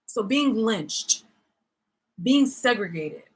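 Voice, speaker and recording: A woman's voice: a little high, expressive, slow pace, husky, poor audio. A woman vlogger ranting angrily and sarcastically, swearing hard and breaking into bursts of laughter. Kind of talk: heated vlog rant.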